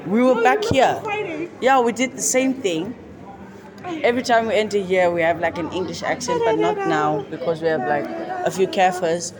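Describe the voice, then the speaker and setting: This is a chatty podcast host, bantering with friends and quick to laugh. The voice sits at an ordinary middle pitch. A crowd buzzes loudly in the coffee shop behind. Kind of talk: casual chat among friends.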